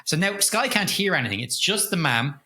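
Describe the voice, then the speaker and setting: A middle-aged man co-hosting a podcast, retelling a horror film's plot in an animated, casual way with plenty of swearing. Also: sits high, fairly quick. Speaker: podcast co-host. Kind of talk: casual film review chat.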